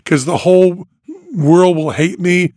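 An older man hosting a podcast, telling a story in a lively way, dropping quiet and then rising almost to shouting. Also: high voice, a little slow, dry recording, studio quality. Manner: animated, swings from quiet to near-shouting when acting out panic. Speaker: podcast host, magician and comedian.

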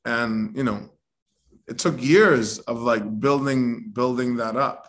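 A man, an actor, telling a story in a casual interview, animated and acting out the voices of the people in it. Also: mid-range voice, takes it slowly. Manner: animated, acts out quoted voices.

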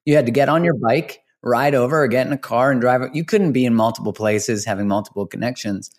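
Male host, average pitch, relaxed and profane, pushes up on emphasis. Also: a little fast. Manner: loose and profane, rises in pitch when emphatic. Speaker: podcast host. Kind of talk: casual podcast conversation.

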